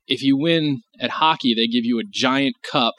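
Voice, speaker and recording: A podcast co-host with a mid-range, fairly bright voice chats casually at normal speed. He rambles and swears now and then.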